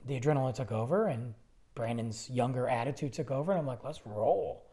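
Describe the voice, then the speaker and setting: A man hosting a podcast, telling a personal story in a rambling, animated way, often cutting himself off mid-sentence. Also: mid-range voice, brisk. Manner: rambling, animated, self-interrupting. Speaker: podcast host. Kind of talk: casual storytelling monologue.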